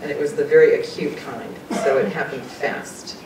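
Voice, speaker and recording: A woman's voice: steady tone, normal speed. A woman giving a talk and telling a personal story in an earnest, conversational way, sometimes emotional. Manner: earnest, conversational, often laughs and quotes people. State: emotional, choking up at times. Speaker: guest speaker sharing personal experiences. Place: meeting room at a talk. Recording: far-off echoey room with rumble.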